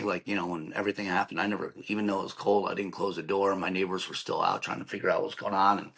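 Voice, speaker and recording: A man in his thirties, a podcast guest, telling a painful personal story in a halting, emotional way with many restarts. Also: fairly low pitch, vocal fry, fairly bright tone, poor audio.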